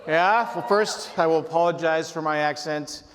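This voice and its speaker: A man's voice: fairly high pitch, normal speed, fairly bright tone. Man, fifties, keynote speaker, earnest and self-deprecating, hall reverb. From Utah, United States. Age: 50s. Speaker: CEO giving a keynote. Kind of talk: conference keynote speech. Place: large conference hall stage. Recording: reverberant conference hall sound.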